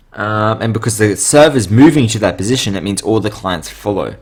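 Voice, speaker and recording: Slightly low, tired man rambling through code. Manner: rambling, frequent fillers and self-corrections. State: losing his voice, tired and sick. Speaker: coding tutorial host. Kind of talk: casual screen-share coding tutorial.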